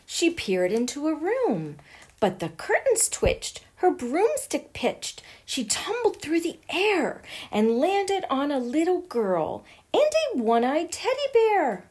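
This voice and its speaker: Woman reading a rhyming storybook slowly. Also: sits high, wildly swooping pitch, a little mellow. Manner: unhurried, sing-song rhyming delivery. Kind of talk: picture book read-aloud.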